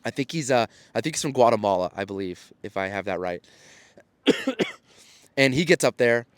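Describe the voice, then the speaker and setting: An expressive man in his thirties speaks at a normal pace and medium pitch, his tone clean and free of echo. He hosts his own show as a storytelling coach, offering a casual, earnest, encouraging solo monologue full of restarted sentences.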